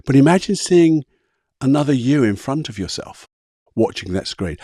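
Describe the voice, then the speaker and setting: A man's voice: mid-range voice, big pitch swings, unhurried, dark tone, no echo, studio quality. A man, a podcast host and coach talking listeners through guided visualisation exercises in a casual way, step by step.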